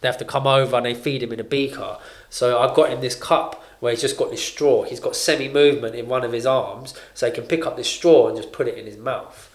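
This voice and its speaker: A man's voice: medium pitch, brisk, few pauses. Young man telling stories in an echoey room. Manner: animated, heavy on fillers, acts out what others said. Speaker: podcast co-host. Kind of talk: casual storytelling chat. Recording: roomy echo.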